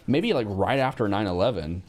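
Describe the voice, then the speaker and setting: A man chatting casually on a livestream, blunt and profane, quick to react. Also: on the low side, lively intonation, darkish tone, soft background music. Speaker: streamer.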